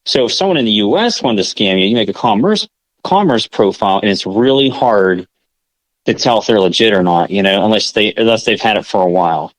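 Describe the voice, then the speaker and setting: An American man talks in a casual, rambling way, circling back and correcting himself as he goes. His voice sits low, and the sound is dry and close, with no room around it. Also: expressive, fairly quick, dry recording, low-quality recording. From United States. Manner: rambling, self-correcting, lots of filler. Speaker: podcast co-host. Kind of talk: casual podcast chat.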